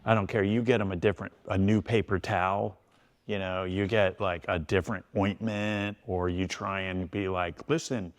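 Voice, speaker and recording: Middle-aged man, gravelly, low-pitched, relaxed, chatty, podcast interview. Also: normal speed. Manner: laid-back, loose storytelling with frequent "you know". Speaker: tattoo artist and shop owner guest. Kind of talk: casual podcast conversation.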